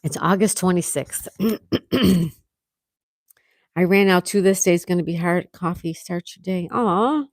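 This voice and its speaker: Reading out viewers' comments on a relaxed morning livestream, this woman chats and laughs frequently despite a sore throat. Her voice is lowish and a little slow, with long pauses. The recording is clean, studio-like, with no echo.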